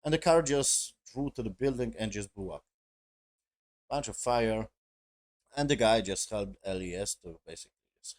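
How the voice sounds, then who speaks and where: A man's voice: lowish voice, normal speed, a little mellow. A man giving a casual spoken review, rambling with heavy swearing and broken grammar. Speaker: show reviewer.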